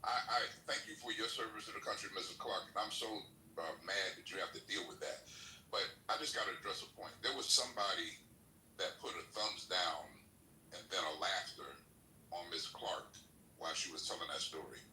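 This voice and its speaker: A man's voice: sits low, fairly quick, sharp tone, roomy sound, slight background noise, poor audio. A man hosting a live-stream panel who cuts in to ask pointed questions in an earnest way. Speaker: podcast host.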